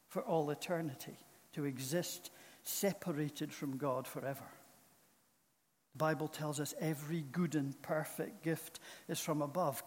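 A man preaching a sermon in a church, speaking in a slow, solemn and earnest way. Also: fairly high pitch, darkish tone. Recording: long reverb of a large hall.

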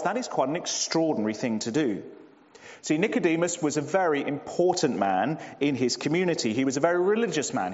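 A man preaching a sermon, measured and emphatic, slowing down and dropping low on key phrases. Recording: dull lo-fi sound in a long-reverb hall.

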